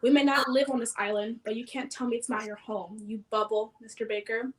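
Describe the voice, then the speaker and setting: Woman co-host, slightly high voice, sincere and halting, book chat. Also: steady tone. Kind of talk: casual book club livestream.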